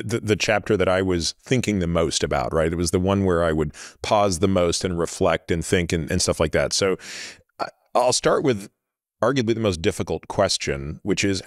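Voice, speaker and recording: A man hosting a podcast interview, asking thoughtful, measured questions. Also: deep voice, no echo, studio quality. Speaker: podcast host. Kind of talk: conversational interview.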